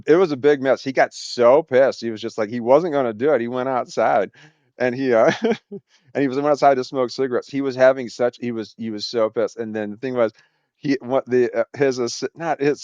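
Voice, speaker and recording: Guy telling a story, lots of swearing and laughing, smooth clear voice, kinda muffled dry recording. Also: medium pitch, dry recording. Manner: animated, swearing, laughing often, acting out quoted voices. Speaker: storyteller recounting a workplace story. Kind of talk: casual storytelling monologue.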